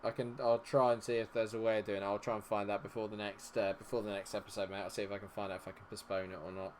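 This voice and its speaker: A man commentating live over a football management game, sarcastic and fed up, swearing as things go wrong. His voice sits fairly low. Faint noise hums behind him. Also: flat delivery, very fast. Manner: frustrated, swearing, sarcastic outbursts. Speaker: gaming streamer.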